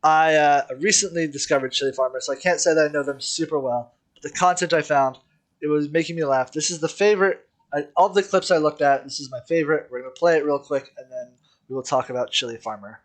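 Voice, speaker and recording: A man's voice: on the high side, fast. A man hosting a podcast, introducing segments in an upbeat casual way. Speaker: podcast host. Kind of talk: casual chat.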